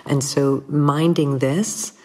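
A middle-aged woman with a husky voice, talking candidly in an interview with frequent laughs and slow, soft pauses. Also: deep voice, steady tone. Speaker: guest. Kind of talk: reflective conversational interview.

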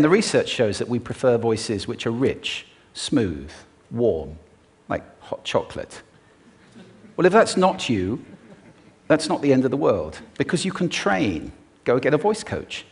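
A man who is a voice expert gives a live talk on a stage before an audience and uses his own voice to demonstrate his points. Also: medium pitch.

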